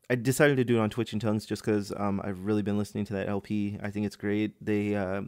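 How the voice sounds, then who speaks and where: A man's voice: fairly low pitch, darkish tone, clear, resonant tone, dry recording, studio quality. A man hosting a podcast, telling customer stories in a profane, exasperated, rambling way. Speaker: podcast host. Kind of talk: casual storytelling rant.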